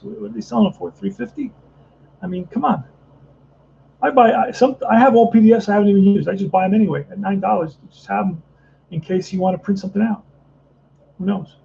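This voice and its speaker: A man with a high, gravelly voice talks through a tabletop baseball game, rambling and restarting as he thinks aloud. His tone is dark and mellow, and the recording sounds dull and slightly lo-fi with faint background noise. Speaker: tabletop baseball player narrating a replay. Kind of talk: casual play-by-play and chat.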